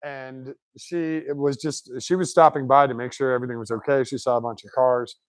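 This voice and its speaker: A man's voice: mid-range voice, a little fast, no room sound. Chatty man telling garage stories. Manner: chatty, animated anecdotes with put-on quotes. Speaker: shop owner, car builder. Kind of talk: casual storytelling. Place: home garage shop.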